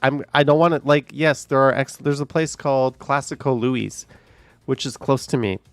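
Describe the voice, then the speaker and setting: A man's voice: mid-range voice, steady tone, moderate pace, clear, resonant tone, no room sound. A man live streaming, chatting casually with viewers, rambling and swearing at voice assistants when annoyed.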